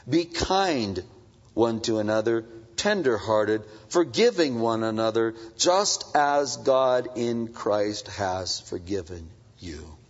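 A man preaching a sermon as a pastor, swinging between loud emphatic peaks and soft confiding asides. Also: medium pitch. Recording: dull, muffled sound with long hall reverb.

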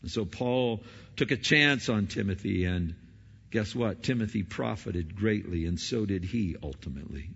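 Gravelly man preaching in a reverberant hall. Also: lively intonation, unhurried. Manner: swings between loud emphatic peaks and quiet low asides. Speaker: pastor. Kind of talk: sermon. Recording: dull, long-reverb hall sound.

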